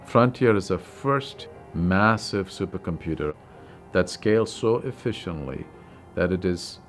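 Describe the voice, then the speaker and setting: A man's voice: low voice, expressive, measured pace, faint music behind. A man, a lab leader, speaking emphatically about the big picture in a documentary interview.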